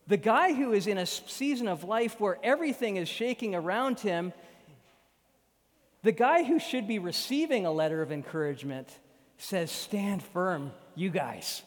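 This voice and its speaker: High-voiced pastor preaching in a hall. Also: male voice, animated, normal speed. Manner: emphatic, rhythmic preaching with repeated phrases. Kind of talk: sermon. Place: church sanctuary. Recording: long hall reverb.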